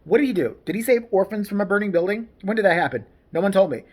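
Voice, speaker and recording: Blunt, husky-voiced woman ranting. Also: mid-range voice, lively intonation, quick pace, a little mellow. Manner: blunt, sarcastic, profane. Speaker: vlogger. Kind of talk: profane opinion rant.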